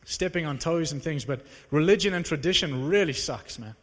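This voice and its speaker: Animated male preacher in a reverberant hall. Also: a little high, normal speed. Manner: animated, conversational, self-mocking. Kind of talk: sermon storytelling. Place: large hall with live audience. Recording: long reverb of a large hall.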